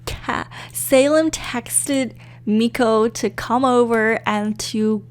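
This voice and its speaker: A young woman giving casual, excitable let's-play commentary with lots of fillers, talking into a desk microphone. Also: on the high side, takes it slowly. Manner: chatty, excitable, many fillers. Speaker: gaming YouTuber.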